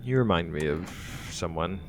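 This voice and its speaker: A man voicing a mysterious ballerina stranger who speaks slow, broken, cryptic English. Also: low voice, lively intonation, soft background music. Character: eerie, terse female ballerina stranger.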